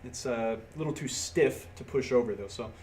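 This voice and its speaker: Slight hiss or hum sits under this mid-range, somewhat mellow male voice speaking at a normal speed. He's a livestream host at his workbench, casually talking viewers through a pinball circuit board repair step by step and reading chat.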